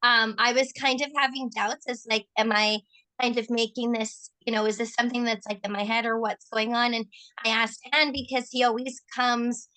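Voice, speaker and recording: A Canadian woman co-hosts, asking questions in a casual conversation, her voice on the high side, bright and forceful, with little pitch movement and a moderate pace. She's chatty and tells stories, peppering her talk with "like" and "right?"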